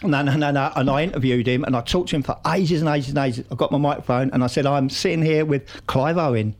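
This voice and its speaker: A man's voice: mid-range voice, quick pace. A man hosting a radio show in casual banter, jokey and enthusiastic, often laughing.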